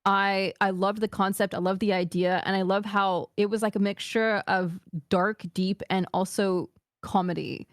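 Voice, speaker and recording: A woman streamer chatting casually, giving her views in a thoughtful and frank way. Her voice sits at an ordinary middle pitch. The sound is close and dry, with no room in it. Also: flat delivery, normal speed, dry recording. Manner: thoughtful and candidly opinionated. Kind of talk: casual chat.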